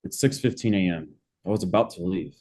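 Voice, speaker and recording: An actor playing an impatient man in his late fifties, a driver who speaks curtly and gruffly. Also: deep voice, a little fast, darkish tone. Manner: curt and impatient.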